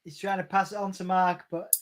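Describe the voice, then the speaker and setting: A man's voice: high-pitched, level tone, brisk. A man co-hosting a casual watch-along review of a TV episode, eagerly guessing what will happen next. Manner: eager, speculating about the plot.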